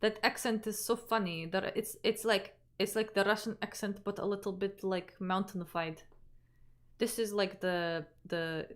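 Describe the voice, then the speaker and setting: A woman's voice: medium pitch, fairly even intonation, normal speed. A young woman from Canada chats loosely with her livestream viewers. She rambles, trails off mid-thought and starts her sentences over. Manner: chatty, trailing off and restarting. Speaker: livestream host. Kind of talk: casual livestream chat.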